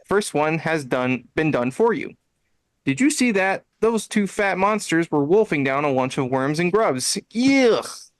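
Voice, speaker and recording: An animated man on a casual podcast reads web quizzes aloud with playful emphasis. His voice sits fairly high for a man. The sound is dry and close. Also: unhurried, no echo, low-quality recording. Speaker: podcast co-host. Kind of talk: casual podcast chat, reading website text aloud.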